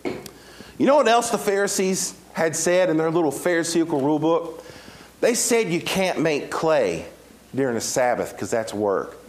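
A man preaching a sermon, telling Bible stories with lively swings between loud, fast passages and hushed, slow ones. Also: on the high side. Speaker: pastor.

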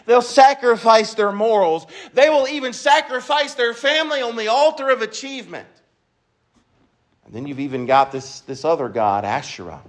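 High-voiced male preacher. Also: normal speed. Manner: emphatic, repetitive preaching with restarts. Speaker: pastor. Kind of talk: sermon.

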